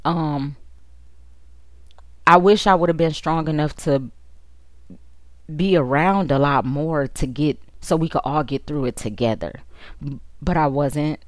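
A woman hosts a podcast and tells her own story candidly, with quick asides and plenty of feeling. Her voice sits very low. The recording is dry and close, with no room sound. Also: no room sound. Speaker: podcast host.

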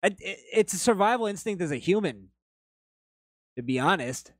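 With a high, animated voice at a moderate pace, a male podcast host reads out chat comments and spins rambling stories. The recording is dry and clean studio sound, and he is blunt, casual, and freely profane.

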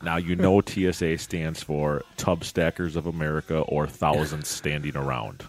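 His voice a low rumble, the podcast host moves at a moderate pace through lively stories in a relaxed conversation. He laughs a lot, and the recording comes from a studio podcast microphone.

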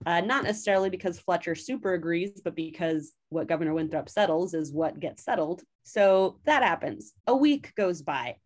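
A woman casually recapping a story as a podcast host, chatty, animated and fond of swearing. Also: fairly low pitch, moderate pace, few pauses.

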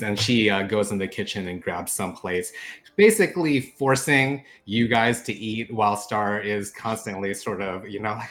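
A man's voice: lowish voice, moderate pace, a bit bright, a little hiss or hum. A man narrating as game master in casual, filler-heavy talk. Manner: casual, many fillers, laughs often.

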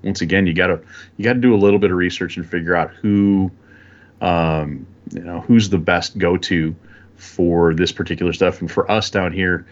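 Very deep-voiced man on a dull line. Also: moderate pace. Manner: relaxed, rambling, frequent fillers. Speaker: guest photographer. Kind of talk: casual interview chat.

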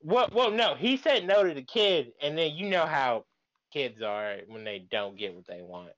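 A man's voice: fairly high pitch, lively intonation, moderate pace, fairly bright tone. A man co-hosting a podcast in casual chat, talking in a slangy, profane way. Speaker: podcast co-host.

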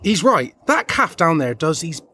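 A man's voice: fairly high pitch, sing-song, moderate pace, bright, forceful tone, soft background music. A young man chatting on in a rambling, cheerfully oblivious way as a street entertainer in a comedy sketch.

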